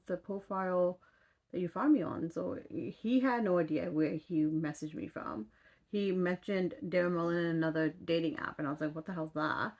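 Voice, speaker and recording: Chatty young woman rambling to camera. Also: on the low side. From western Canada. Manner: chatty and rambling, full of fillers and asides. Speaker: vlogger. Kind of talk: casual chat.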